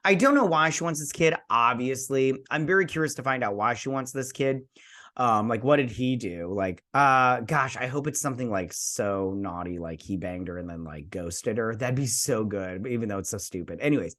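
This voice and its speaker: A man's voice: mid-range voice, animated, normal speed, fairly bright tone. Rambling, chatty male show host. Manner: rambling, chatty, swears and mimics characters in asides. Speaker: show host reviewing a TV episode. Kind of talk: casual spoken review.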